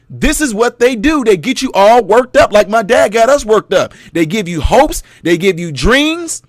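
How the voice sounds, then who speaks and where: A man holds forth in a casual commentary monologue, his voice sitting high and lively. He preaches, tells stories and pokes at his audience with rhetorical questions, sometimes dropping into mocking impressions. The sound is close and dry, with no room around it. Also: no room sound. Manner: animated, mocking put-on voices. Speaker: commentary channel host.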